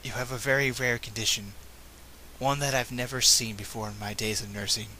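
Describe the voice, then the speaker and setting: Man doing a quiet grave pony nurse. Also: medium pitch, fairly even intonation, brisk, slight background noise, natural voice, rough recording. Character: sympathetic adult mare pony nurse.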